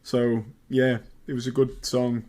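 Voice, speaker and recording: A man co-hosting a casual podcast, chatty and jokey, getting loud when excited. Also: medium pitch, unhurried. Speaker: podcast co-host. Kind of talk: casual chat.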